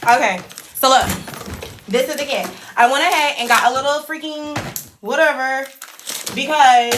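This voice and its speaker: A woman hosting a casual beauty livestream from home, chatty and excitable, full of slang and swearing. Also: high-pitched, moderate pace, long pauses, noisy background.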